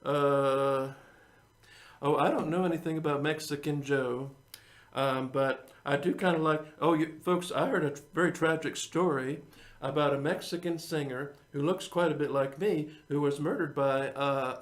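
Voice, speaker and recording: A man with a higher-than-usual voice who hosts his own show as a singer-songwriter. He rambles from one thought to the next in loose casual chat. He chuckles often and keeps calling his viewers folks. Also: moderate pace.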